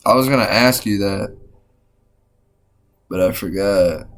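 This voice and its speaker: A young man streaming, reacting out loud in casual chat, profane and excitable, laughing often. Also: lowish voice, a little slow. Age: young adult.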